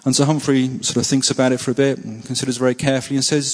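A man preaching a sermon and praying, earnest, repeating words for emphasis and often pausing with fillers. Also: mid-range voice, little pitch movement, darkish tone, big-room sound. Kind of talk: sermon with prayer.

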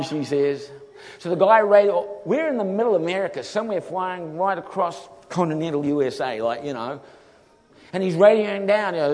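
A man telling a funny travel story in a sermon, animated and laughing often. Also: fairly high pitch, normal speed. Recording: long hall reverb.

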